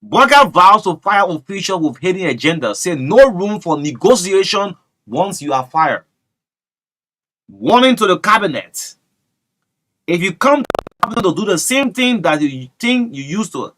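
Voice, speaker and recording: A man hosting a breakfast talk radio show, emphatic and repetitive, swinging between loud and soft. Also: fairly high pitch, big pitch swings, moderate pace. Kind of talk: animated talk radio commentary.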